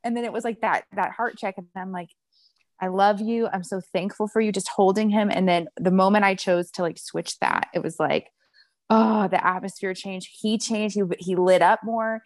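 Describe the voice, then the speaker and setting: A woman's voice: medium pitch, normal speed, no room sound. A woman in her thirties, a guest on a casual faith podcast, speaking in an affirming way with many fillers. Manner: warm affirming, frequent "like" and "you know".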